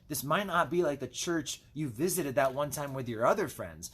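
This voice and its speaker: A man's voice: on the high side, lively intonation, a little fast, husky. A man as a pastor, giving a casual Bible devotional with chatty asides while he reads scripture.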